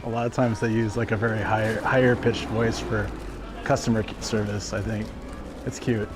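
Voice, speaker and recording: A man's voice: on the low side, flat delivery, moderate pace, music in the background. A man live-streaming his day out, chatting casually and laughing often, his nose a little stuffed up. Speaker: travel vlogger streaming live. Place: walking around shops and a car outdoors.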